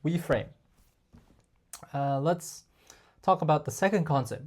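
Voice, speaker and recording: A man coaching male viewers on dating in a casual, chatty talk to camera, often calling them guys and filling pauses with like and um. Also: on the high side, a little mellow. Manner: chatty, addresses viewers as guys, frequent fillers.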